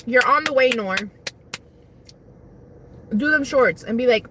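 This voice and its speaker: A woman's voice: high-pitched, animated, unhurried, bright, forceful tone, a little hiss or hum. A young woman hosting a casual livestream on her lunch break, rambling while she eats and reads chat. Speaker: livestream host. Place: parked car on lunch break.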